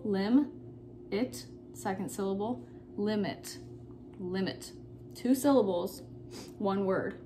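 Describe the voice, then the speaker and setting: Young woman, teacher, slow and patient, sounds out syllables, faint room hum. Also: mid-range voice, dark tone. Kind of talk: recorded phonics lesson for children.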